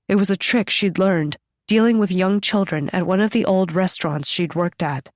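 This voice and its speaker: A woman reading a horror novel aloud in steady, measured scripted narration on a close microphone. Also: fairly low pitch, dry recording. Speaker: audiobook narrator.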